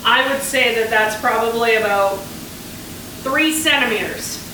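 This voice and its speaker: Canadian woman rambling thru a cooking vlog, kinda high voice, super echoey kitchen, stuff frying in the back. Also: measured pace. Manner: chatty, rambling asides while cooking. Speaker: home cooking vlogger. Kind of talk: casual cooking vlog chat. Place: home kitchen. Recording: very echoey kitchen, mic far off, frying noise. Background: food sizzling on a grill pan.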